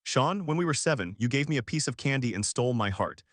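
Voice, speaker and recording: A proud, bitter young woman, as a man reads her lines in a storybook reading. The delivery is cool and clipped, at a middle pitch. The sound is close and dry. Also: lively intonation, quick pace, no echo, lightly acted.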